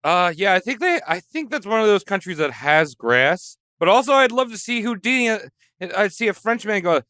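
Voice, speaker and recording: Bright, animated man, dry mic. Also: high voice, dry recording. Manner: animated, quick to laugh and jump in with bits. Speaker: podcast co-host. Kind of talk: comedic podcast banter.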